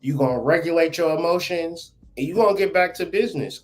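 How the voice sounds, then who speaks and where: A man in casual podcast chat, blunt and profane, telling lively stories as the guest. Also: a little high, brisk. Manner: blunt, profane, animated storytelling.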